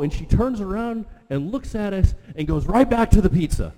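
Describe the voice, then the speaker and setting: Pastor preaching, dark voice in a hall. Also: male voice, high-pitched, moderate pace. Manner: animated storyteller, swings from quiet to loud exclamations. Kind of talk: sermon with storytelling.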